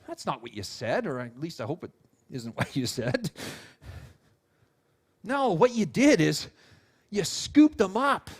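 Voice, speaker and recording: A male pastor preaching a sermon with a higher-pitched voice. He tells stories in an animated way and acts out quotes. He speaks casually, with fillers and restarts. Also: unhurried, pauses often, husky. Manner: animated storytelling, acting out quotes.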